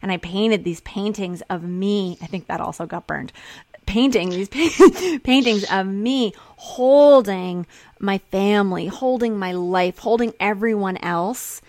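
A woman's voice: mid-range voice, measured pace, a little mellow. A woman talking candidly in a casual conversation, swearing freely and acting out her own quotes.

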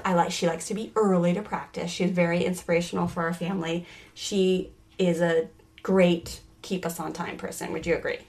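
A woman in her forties, a parenting coach hosting a podcast, telling a family story in a chatty, animated way full of "like" fillers. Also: on the low side, moderate pace. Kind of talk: casual storytelling.

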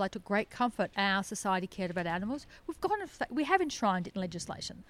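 A middle-aged woman, founder of an animal sanctuary, telling stories in a podcast interview in an earnest, enthusiastic way and laughing often. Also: mid-range voice. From Australia.

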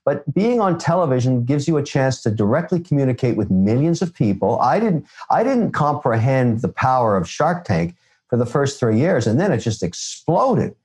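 Animated blunt man telling stories. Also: medium pitch, normal speed. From Canada. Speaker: guest investor. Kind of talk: storytelling interview answers.

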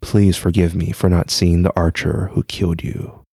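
A man voicing a solemn male samurai who speaks calmly and earnestly in a spoken story. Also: low-pitched, moderate pace, husky, dry recording, studio quality, voice pushed down.

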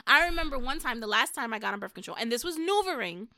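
A woman's voice: fairly high pitch, big pitch swings, quick pace, bright, forceful tone, no echo, clean studio sound. A woman, a podcast guest chatting casually, frank and profane, telling stories with animation. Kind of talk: casual chat.

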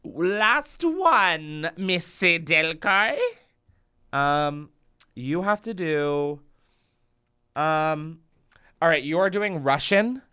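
A woman co-hosts a comedy podcast, rambling and giggling as she cuts herself off mid-sentence. Her voice rises and falls in a lively way, with a dry, close sound. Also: low-pitched, very slow, long pauses, clean tone, no room sound. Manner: giggly, rambling, self-interrupting. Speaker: podcast co-host. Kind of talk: casual comedic chat.

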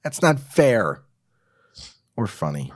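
A man voicing a tearful young woman who is guilty and defensive, reading a screenplay aloud in a halting, pleading voice. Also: lowish voice, very animated, heavily acted.

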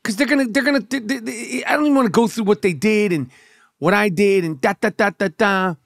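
A podcast host with a New York accent delivers a casual monologue rant, heated and full of profanity and stammered restarts. His voice is high, brisk, and fairly bright, in a dry, studio-quality recording.

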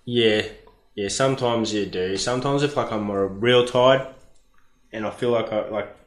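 An easygoing man with a lowish voice chats casually as a truck driver. He rambles and restarts his sentences. The recording sounds roomy and echoey. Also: moderate pace. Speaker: mine truck driver, guest. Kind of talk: casual chat. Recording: roomy echo.

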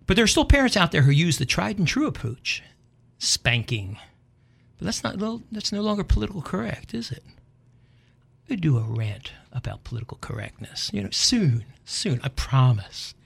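A middle-aged man and radio host giving a humorous monologue, telling dry, deadpan stories with wry punchlines. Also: on the high side, normal speed, creaky, husky.

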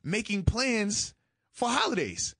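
A man co-hosting a casual sports chat, excitable and emphatic, often saying "man". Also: high voice, slow, creaky, breathy edge, dry recording, studio quality. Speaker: co-host, retired football player.

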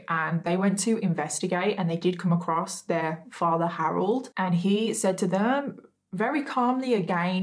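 A woman hosting a true crime video, retelling a case casually with frequent asides to her viewers and emphatic disbelief. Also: medium pitch.

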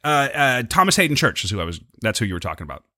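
A man's voice: mid-range voice, sing-song, rapid-fire, pushed and bright, no room sound, studio quality. A young man on co-host duty in a casual chat, laid-back and joking with crude humor. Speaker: podcast co-host.

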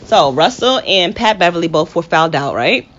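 A woman co-hosting a casual sports chat, animated and trash-talking, often laughing at her own jokes. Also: on the low side, normal speed. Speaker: podcast co-host. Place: late-night home podcast recording. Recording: dull lo-fi recording with faint background noise.

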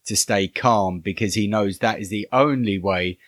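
Low-voiced man musing about a film. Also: moderate pace, a bit bright, dry recording, clean studio sound. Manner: earnest, thinks aloud with restarts. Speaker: podcast co-host. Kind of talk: casual film review chat.

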